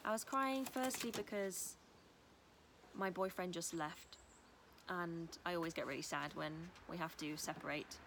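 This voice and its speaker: A woman's voice: lowish voice, measured pace, fairly bright tone, slight background noise. A young woman talking in an earnest, rambling way as a vlogger, sometimes baby-talking to dogs. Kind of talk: casual spiritual vlog. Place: house, indoors and outdoors with dogs.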